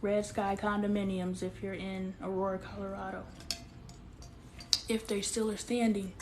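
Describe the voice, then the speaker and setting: A woman's voice: mid-range voice, flat delivery, moderate pace, background noise. A woman in her thirties hosting a candid live stream on her phone outdoors, talking straight to viewers and answering their comments aloud. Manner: emotional, confiding, talks straight to viewers.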